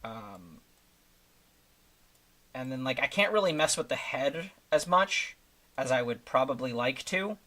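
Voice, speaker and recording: A man's voice: mid-range voice, expressive, measured pace, long pauses, bright, forceful tone. A man casually commenting while he works on a live stream, thinking aloud with lots of fillers and restarts. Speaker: streamer making thumbnails.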